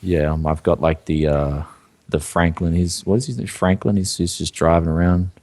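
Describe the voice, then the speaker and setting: Man, very deep voice, relaxed, rambling, casual podcast talk. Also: moderate pace. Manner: laid-back, lots of fillers and "yeah". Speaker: co-host of a tech news show. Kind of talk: casual tech podcast chat.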